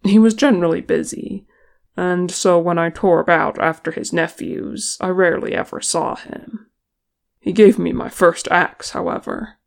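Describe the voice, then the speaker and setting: A reader voicing a gruff, teasing male dwarf warrior who is tired and speaks bluntly, with a grumbling manner. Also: medium pitch, moderate pace, lightly acted.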